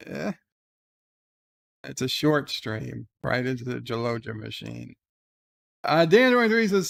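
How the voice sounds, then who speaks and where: A man hosting a livestream, reading live chat comments aloud in a laid-back, halting way with frequent "uh"s before each comment. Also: mid-range voice, very animated, gravelly, a bit bright. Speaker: livestream host.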